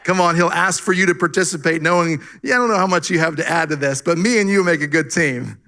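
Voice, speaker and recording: Male pastor, bright forceful tone, slightly high voice, preaching with lots of questions to the room. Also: fast. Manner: animated preaching with rhetorical questions. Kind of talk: sermon. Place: church sanctuary.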